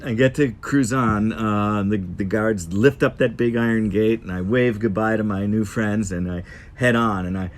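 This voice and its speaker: A man casually telling a travel story as host, in an animated, rambling present-tense way. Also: fairly low pitch, normal speed, a little hiss or hum.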